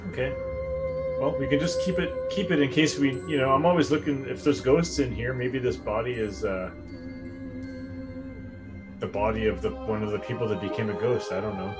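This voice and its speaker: A man talks casually as a player in a tabletop game, stumbling and repeating words. Loud music plays under his voice. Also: medium pitch, steady tone, normal speed, poor audio.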